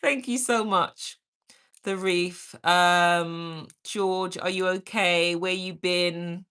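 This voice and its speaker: A woman's voice: lowish voice, steady tone, very slow, a bit bright, clear, resonant tone. A woman hosting a casual livestream, chatting to viewers and reading their comments in a bubbly, chatty way. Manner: drops into a whisper for asides. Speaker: livestream host.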